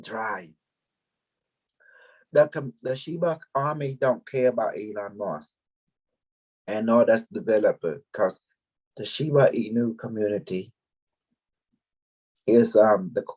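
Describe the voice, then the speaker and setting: A man's voice: lowish voice, darkish tone, breathy edge. A man, talking casually and at length to his followers, rambling and repeating himself as he goes. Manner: rambling, repeats words, mixes languages. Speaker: group leader. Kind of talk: casual spiritual talk to followers.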